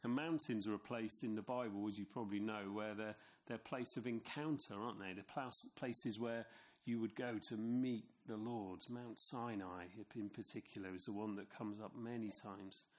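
A man's voice: on the low side, fairly even intonation, normal speed. A middle-aged man from England preaching a sermon in a chatty, storytelling way, with asides to his listeners. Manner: conversational, anecdotal, with asides to the congregation.

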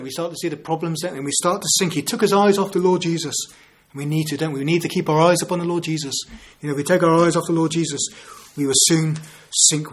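A man in his fifties preaching an evangelistic sermon, earnest and full of rhetorical tag questions like "don't we?". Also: fairly high pitch. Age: 50s.

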